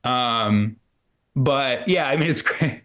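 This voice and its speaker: A man's voice: medium pitch, slow, fairly bright tone. A man doing a loose, rambling stand-up comedy set in a comedy club, full of fillers and restarts.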